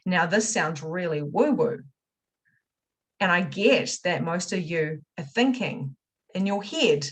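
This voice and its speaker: A woman teaching a spiritual money masterclass. She talks casually and swears, leaping from loud excitement to quiet, confessional asides. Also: lowish voice, slow, poor audio. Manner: casual swearing, chatty direct address. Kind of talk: motivational masterclass talk.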